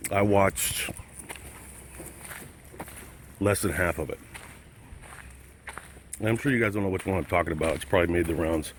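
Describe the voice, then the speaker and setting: A man's voice: deep voice, steady tone, a little fast, a little hiss or hum. A man vlogging outdoors, ranting angrily and profanely in a rambling, casual way. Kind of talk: casual rant to camera.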